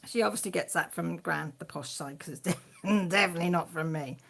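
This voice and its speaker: A woman with an English accent hosting a casual live chat from home, rambling and quick to laugh. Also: fairly low pitch, creaky, a bit bright. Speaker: craft channel host.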